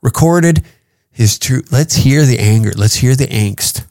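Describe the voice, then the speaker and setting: Brash profane podcast host. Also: male voice, medium pitch, lively intonation, unhurried, darkish tone, no echo, clean studio sound. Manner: brash, profane, mock-therapeutic. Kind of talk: casual comedy podcast rant.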